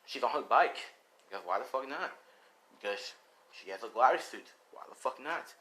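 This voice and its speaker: A man's voice: mid-range voice, lively intonation, normal speed, a bit bright. Rambling young man telling a story. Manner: rambling, heavy on fillers like "you know" and "like". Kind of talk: improvised fan-story narration.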